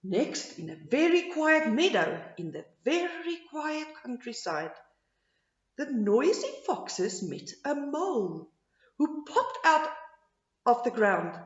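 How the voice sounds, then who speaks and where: Slow, expressive woman reading a storybook. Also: high-pitched. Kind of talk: reading a children's picture book aloud. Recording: roomy, slightly dull home recording.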